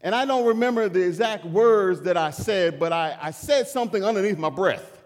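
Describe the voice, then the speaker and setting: A man preaching a sermon in a church, animated and humorous, chuckling through personal stories. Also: high voice, normal speed, big-room sound.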